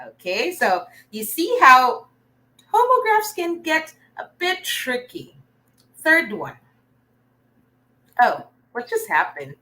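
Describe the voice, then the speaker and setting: A woman's voice: mid-range voice, pushed and bright, rough recording. A Filipino woman teaching an online reading lesson, encouraging and often checking in with her learners. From Philippines.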